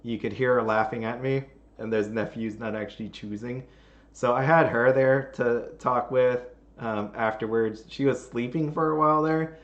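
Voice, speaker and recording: A man's voice: mid-range voice, fairly even intonation, moderate pace. Rambling man telling a story, lo-fi. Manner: rambling, laughs at his own story. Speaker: channel host. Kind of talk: casual storytelling chat.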